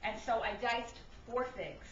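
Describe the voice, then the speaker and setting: A chatty middle-aged woman from Brooklyn walks through a recipe in her home kitchen, her fairly high voice tossing in an "okay?" every few lines. She is picked up by a camcorder mic from across the room, so the sound is roomy, a bit far off and slightly muffled, with faint noise underneath. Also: a little slow. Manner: chatty, keeps checking in with "okay?". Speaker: home cooking instructor. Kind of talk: casual cooking demonstration. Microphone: camcorder mic from a distance. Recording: echoey, distant, slightly dull camcorder audio.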